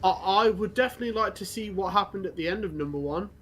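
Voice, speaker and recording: A man's voice: high voice, quick pace, a bit bright, a little hiss or hum. A man chatting casually during a co-op video game, asking his friend questions and hesitating as he restarts his sentences. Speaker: co-op gaming partner. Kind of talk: casual chat while playing a co-op game.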